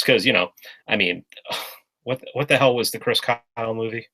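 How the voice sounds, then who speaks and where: A man talks in a casual political discussion with a low-pitched but bright, edgy voice. He speaks bluntly, swears freely and keeps restarting his sentences mid-thought. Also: normal speed, low-quality recording. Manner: blunt and profane, with frequent restarts. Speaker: podcast guest.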